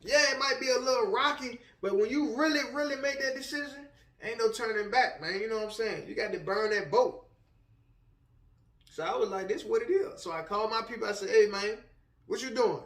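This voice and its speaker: High-voiced man, roomy echo. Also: fairly quick, fairly bright tone. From Richmond, Virginia. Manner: slangy, conversational, many "you know what I'm saying". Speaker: author and speaker, minister. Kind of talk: casual motivational testimony. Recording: roomy, somewhat distant mic.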